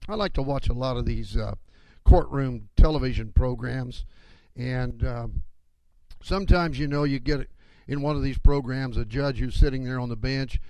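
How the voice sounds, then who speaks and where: A man's voice: mid-range voice, normal speed, darkish tone, no echo. A man preaching a sermon, emphatic and calling on his listeners for amens.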